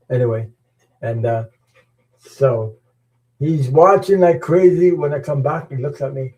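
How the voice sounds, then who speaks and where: A man's voice: on the high side, a little slow, darkish tone, poor audio. A middle-aged man chatting casually as host of a live stream, rambling and chuckling, often repeating words. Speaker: tarot channel host. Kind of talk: casual chat.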